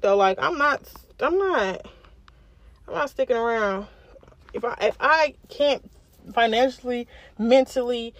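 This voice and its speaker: A woman of about twenty hosting a podcast alone, ranting angrily and bluntly with heavy swearing. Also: on the high side. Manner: angry, profane, blunt. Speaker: podcast host. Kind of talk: casual solo rant.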